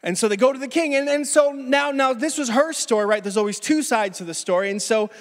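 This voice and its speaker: Animated high-voiced male pastor. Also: brisk, big-room sound. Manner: animated, casual, restarts phrases often. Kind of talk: conversational sermon storytelling. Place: church sanctuary.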